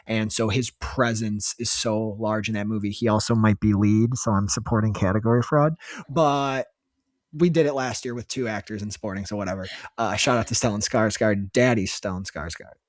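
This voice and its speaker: A man's voice: lowish voice, steady tone, moderate pace, no room sound. Male co-host, Midwestern accent, jokey casual chat, dry close mic. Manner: playful, jokey banter. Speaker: podcast co-host.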